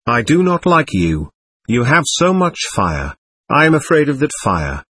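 A man's voice: medium pitch, huge pitch swings, measured pace, pushed and bright, husky, no room sound, full character voice. A man reading as a willful little ghost girl. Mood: defiant, sulking. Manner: petulant, defiant. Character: angry spirit of a young girl, willful and stamping. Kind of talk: audiobook reading of a seance record.

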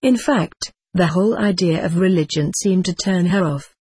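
A text-to-speech voice narrating an audiobook with a flat, even synthetic delivery. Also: mid-range voice, normal speed, slightly rough, no room sound.

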